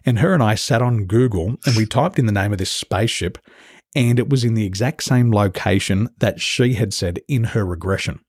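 A man's voice: lowish voice, normal speed, a little mellow, slightly rough, no room sound, clean studio sound. A man who is a business coach, telling stories as a guest in an interview and acting out the voices of the people he quotes. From Australia. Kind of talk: storytelling interview.

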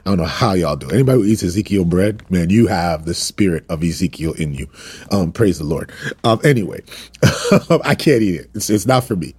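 A man with a deep, expressive voice, fairly quick and a little mellow with a breathy edge, teaches Scripture in a casual sermon. He's repetitive and emphatic, joking with viewers, and there's no room sound.

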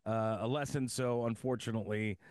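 A man's voice: mid-range voice, fairly even intonation, brisk, a little mellow, clear, resonant tone, no room sound, studio quality. A man from the US East Coast co-hosting a podcast in casual chat, rambling and joking about himself. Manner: rambling, self-deprecating, joking. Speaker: podcast co-host.

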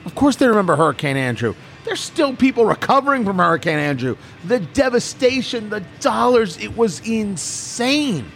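A man's voice: sits high, slight background noise. A man hosting an opinionated political talk show, emphatic and mocking. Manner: animated, emphatic, mocking asides.

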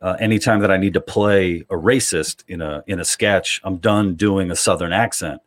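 A man's voice: low-pitched, normal speed. A man from New York hosting a podcast, talking in casual chat with many hesitations and repeats. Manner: hesitant, many uhs and repeats, then punchy jokes. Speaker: podcast host.

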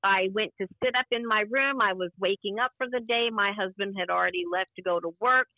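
A woman's voice: mid-range voice, a little fast, no room sound. Woman telling her story over a phone line. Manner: vivid, emotional retelling that acts out past dialogue. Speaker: interview guest. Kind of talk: personal storytelling in an interview. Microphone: phone call. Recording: dry, tinny phone line.

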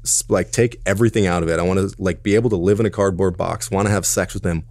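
A young man in his twenties with a very deep voice chats as a podcast guest. He rambles loosely, full of fillers and restarts. The sound is close and dry. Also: fairly even intonation, fast talker, a little mellow, no echo. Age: 20s. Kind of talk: casual podcast chat.

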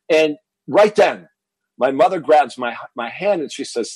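A man's voice: fairly high pitch, moderate pace, slightly rough, no echo, poor audio. A man telling a personal story as a podcast guest, acting out what his family said. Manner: animated, acts out quoted family dialogue.

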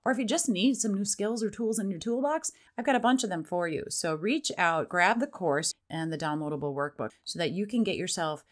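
A woman's voice: medium pitch, brisk, hardly any pauses. A woman hosting a parenting podcast, chatting casually and acting out parent lines in a raised voice. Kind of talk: casual solo podcast talk.

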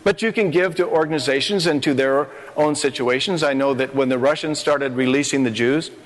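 A man's voice: mid-range voice, brisk. An older man preaching on a conference stage, impassioned, with rising emphatic phrases. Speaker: pastor. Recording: long hall reverb.

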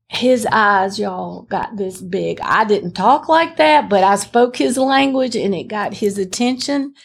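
An older woman with a drawl tells her faith testimony with earnest emphasis. Her voice is husky and a little breathy, and her pitch sits in the middle range. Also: slow pace. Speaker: testimony speaker.

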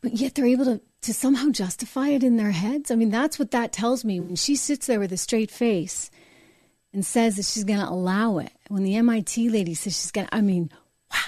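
A woman hosting a live-streamed political show, talking emphatically and indignantly, repeating her points and jumping higher in pitch when worked up. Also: fairly quick, mellow, dry recording, clean studio sound. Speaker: political talk show host.

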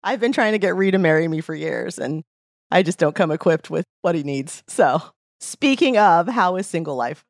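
Lower-voiced woman, bubbly and laughing. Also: lively intonation, normal speed, no room sound, studio quality. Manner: bubbly storyteller, laughs often. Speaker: podcast host. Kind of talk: casual conversation.

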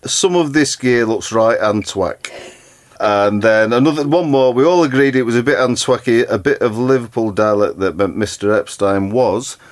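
A man's voice: medium pitch, normal speed. A man hosting a casual chat show, curious and reading out quotes about a word. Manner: curious, reads quotes aloud. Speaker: podcast host.

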